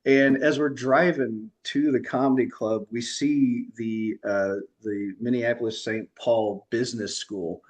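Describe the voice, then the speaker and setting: A man's voice: mid-range voice, steady tone, a little slow, hardly any pauses. Chatty man telling stand-up stories. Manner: chatty, laughs at own punchlines. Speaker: stand-up comedian. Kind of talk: stand-up storytelling on a video call.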